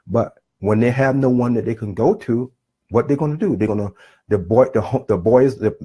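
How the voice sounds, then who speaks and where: This self-published author is a middle-aged man whose warm, husky voice sits at medium pitch. His motivational talk is sincere yet meandering, full of restarted sentences and drifts away from the topic.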